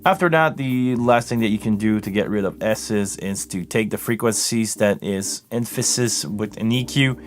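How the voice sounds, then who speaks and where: A man's voice: on the low side, moderate pace, few pauses. A man from Montreal, hosting a live Q&A stream and explaining sound settings as he adjusts them, speaking close into a vocal microphone. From Montreal, Canada. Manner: hands-on, explanatory, talks while adjusting settings. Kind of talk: live-stream tech demo and Q&A. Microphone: close vocal microphone running through a mixing console.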